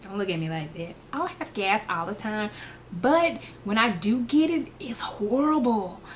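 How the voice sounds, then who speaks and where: A woman, telling funny personal stories in an animated way and acting out the quotes. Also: mid-range voice, normal speed, slight background noise. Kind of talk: casual storytelling vlog.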